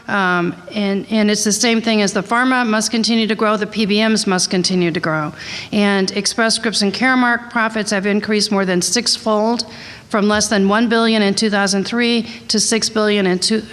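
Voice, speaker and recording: A woman's voice: mid-range voice, fairly bright tone. A woman giving a conversational slide presentation to a conference audience, candid and chatty, with frequent fillers and asides. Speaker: conference presenter on drug costs. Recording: long hall reverb.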